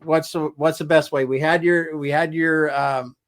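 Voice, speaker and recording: A man with a somewhat high voice hosts the interview, giving short affirmations and friendly thanks. He wraps up the episode in an easy conversational tone. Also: fairly even intonation, normal speed, fairly bright tone. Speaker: show host. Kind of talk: interview hosting.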